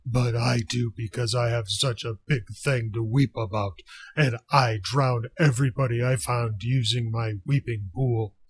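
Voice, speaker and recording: A man's voice: mid-range voice, steady tone, measured pace, slightly rough. A man reading as a weepy old rhinoceros. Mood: mournful. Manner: mournful, self-pitying. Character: weepy old male rhinoceros, sorrowful and grim.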